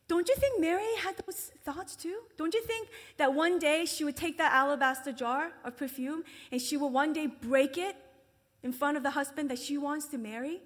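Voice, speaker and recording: A woman giving a conversational sermon, acting out quoted voices and dropping to a whisper for emphasis. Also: moderate pace. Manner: conversational, acts out quoted voices with big pitch jumps. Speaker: speaker at a ministry gathering. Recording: long hall reverb.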